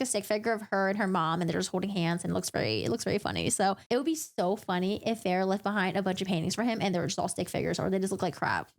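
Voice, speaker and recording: A young woman in a casual book recap, chatty, animated and jokey. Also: medium pitch. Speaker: book vlogger.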